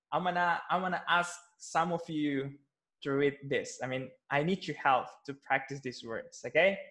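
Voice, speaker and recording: A man's voice: mid-range voice, a bit bright. A man teaching English pronunciation in an online class over a video call, patient and hesitant, with many fillers and restarts.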